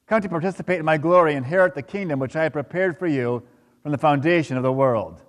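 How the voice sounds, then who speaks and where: A man's voice: fairly high pitch, fast, lightly acted. A man reading the solemn proclamation of a divine judge seated on a throne. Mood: proclaiming. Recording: long hall reverb.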